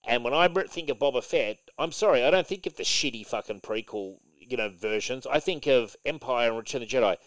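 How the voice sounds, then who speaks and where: Lively opinionated man, dry close mic. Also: mid-range voice, a little fast, few pauses, no echo, rough recording. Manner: animated, opinionated, swears casually. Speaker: podcast co-host. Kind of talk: casual chat.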